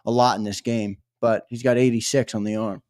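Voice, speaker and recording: A man co-hosting a sports talk show, speaking in a relaxed, blunt way with the occasional curse. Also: lowish voice, a little fast, smooth, no echo, clean studio sound. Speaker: co-host.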